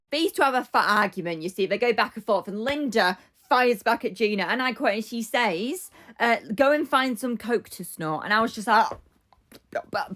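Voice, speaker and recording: A woman's voice: a little high, fairly bright tone. A woman recapping a soap episode in a casual vlog, blunt, exasperated and sweary. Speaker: soap opera reviewer.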